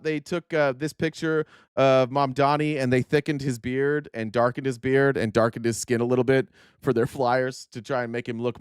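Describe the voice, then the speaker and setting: A man's voice: medium pitch, clear, resonant tone, dry recording, clean studio sound. A man hosting casual political commentary, sarcastic and profane, often mocking his opponents in mock voices.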